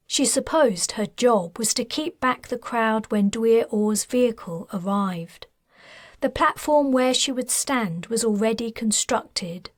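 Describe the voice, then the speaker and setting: A woman's voice: a little high, no echo, studio quality. Woman narrating a sci-fi audiobook. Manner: steady, measured storytelling. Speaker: author narrating her own novel.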